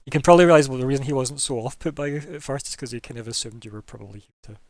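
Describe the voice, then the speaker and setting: A man's voice: medium pitch, rapid-fire, a little hiss or hum. A man, narrating as game master in a loose, chatty way with many fillers.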